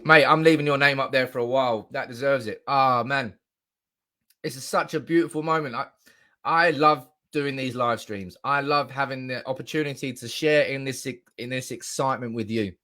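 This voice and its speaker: A young man live streaming as a football fan, chatting excitedly, reading comments aloud and swearing with bursts of shouting, at a desk mic indoors. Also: medium pitch, normal speed.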